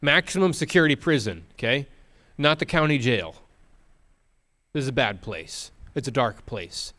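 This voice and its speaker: A man preaching a sermon, retelling a story with dramatic pauses and questions to the congregation. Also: medium pitch, lively intonation, bright, forceful tone.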